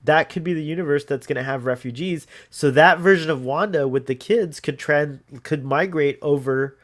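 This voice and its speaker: A man's voice: fairly high pitch, normal speed. A man co-hosting a podcast, chatting casually and rambling with lots of "like" fillers. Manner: rambling, many "like" fillers, laughs easily. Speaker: podcast co-host. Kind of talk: casual chat.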